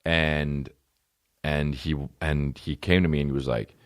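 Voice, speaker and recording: A man hosting a podcast, telling comedic stories in a profane, animated way and acting out the people he quotes. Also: a bass voice, a little slow, clean tone. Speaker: podcast host. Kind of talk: comedic storytelling.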